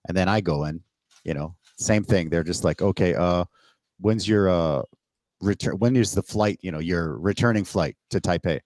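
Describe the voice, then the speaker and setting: A man from Canada, a podcast guest, telling a story in casual, animated talk over a remote call, swearing and acting out the exchanges he quotes. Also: low-pitched, moderate pace, no room sound. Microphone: remote call mic.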